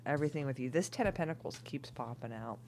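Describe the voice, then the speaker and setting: A tipsy woman doing a casual, rambling tarot reading, swinging between loud outbursts, laughter and whispers. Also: extremely low pitch, quick pace, slight background noise. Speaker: tarot reader.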